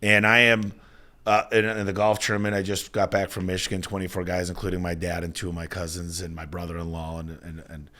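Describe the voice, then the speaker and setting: A man in his forties, a business owner telling stories as an interview guest in an energetic, emphatic way. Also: sits low, fairly quick. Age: 40s. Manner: energetic, emphatic storyteller with frequent restarts. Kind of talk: casual interview talk.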